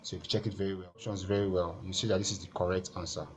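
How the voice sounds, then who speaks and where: A man with a fairly low voice talks learners through exam questions shown on screen. He is methodical, stating each rule and then repeating the key step so it sticks. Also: level tone, rapid-fire, a little hiss or hum. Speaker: exam-prep tutor.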